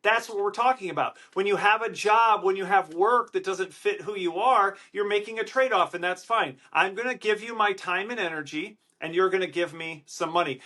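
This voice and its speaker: Nasal, excitable Wisconsin man. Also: sits high. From Wisconsin, USA. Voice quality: nasal, slightly congested-sounding. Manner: loud, excited, emphatic delivery. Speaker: podcast host. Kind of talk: energetic motivational podcast monologue. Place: hotel room.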